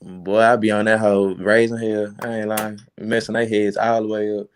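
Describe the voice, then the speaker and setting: A man's voice: lowish voice, level tone, moderate pace, clear, resonant tone. A man from Texas, a guest on a casual panel, telling stories in a laid-back way.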